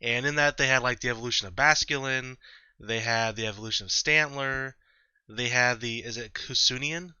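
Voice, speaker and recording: A man hosting a video game playthrough, chatty and rambling, who often stops to restart his sentences. His voice is very bright and tense. The recording is dry, on a slightly dull, lo-fi mic. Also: medium pitch, normal speed, clean tone, no room sound. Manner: rambling, self-correcting, chatty. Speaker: let's-play host. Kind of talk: casual gameplay commentary.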